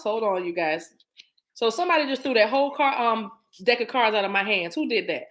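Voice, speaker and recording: A woman's voice: fairly high pitch, expressive, fairly quick, fairly bright tone. A woman doing a live-streamed oracle card reading, reading card text aloud and then talking it over with her viewers in a chatty, familiar way. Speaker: spiritual card reader.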